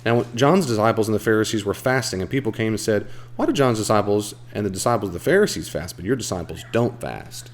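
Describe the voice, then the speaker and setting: A man leading a casual Bible study group, chatty and animated, talking with asides to the people in the room. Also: on the low side, fairly quick. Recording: live room recording, faint background.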